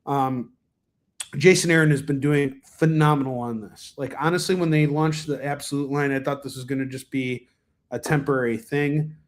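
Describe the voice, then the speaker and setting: A man's voice: mid-range voice, steady tone, moderate pace. A man hosting a casual livestream, reviewing comics in a rambling, enthusiastic way, full of fillers and restarts, with a cough now and then. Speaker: comic book reviewer, stream host.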